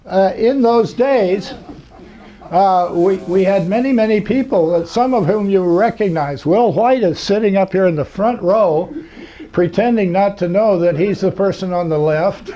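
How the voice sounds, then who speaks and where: An older man at a convention speaks to a lecture-hall audience in a high-pitched, unhurried voice with a dark tone. His talk rambles, dry-humored and packed with fillers, and the recording is muffled and lo-fi.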